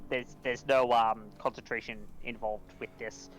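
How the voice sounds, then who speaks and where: A man's voice: mid-range voice, flat delivery, normal speed, a bit bright. A man playing a tabletop game who methodically works through rules and numbers aloud. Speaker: player.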